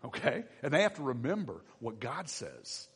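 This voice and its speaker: A man preaching a sermon to his church, animated and acting out the voices of everyday people. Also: medium pitch, normal speed, slightly rough. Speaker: pastor. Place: church sanctuary. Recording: long reverb in a church hall.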